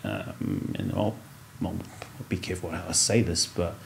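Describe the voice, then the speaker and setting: A man's voice: low-pitched, big pitch swings, moderate pace, vocal fry, slight background noise. A man who is a former rugby league player, chatting as a podcast guest and telling stories with acted-out dialogue. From Samoan heritage. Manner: storytelling, acts out dialogue, laughs often. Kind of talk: casual interview chat.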